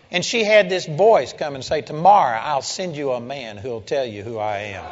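A man preaching a sermon to a congregation and telling a story, building to loud, emphatic peaks. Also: high voice, lively intonation, normal speed, few pauses, some chatter behind, a little hiss or hum. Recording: dull, echoey hall recording.

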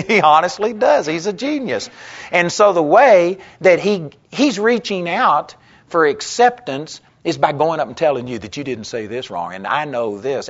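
Guy teaching a bible class, telling stories, mid pitch, gets loud quoting himself, dull muffled recording. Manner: conversational storytelling, gets loud and animated when quoting himself. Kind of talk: sermon-style teaching with personal stories.

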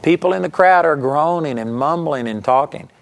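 A man preaching a sermon, telling a story emphatically and swinging between loud passages and hushed ones. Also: a little high, normal speed, vocal fry.

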